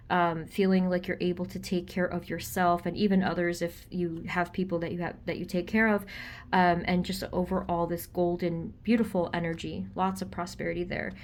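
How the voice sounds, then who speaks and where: A woman doing a pick-a-card tarot reading for viewers, gentle and reassuring, chatty, with frequent ums and an easy laugh. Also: fairly low pitch. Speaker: tarot reader.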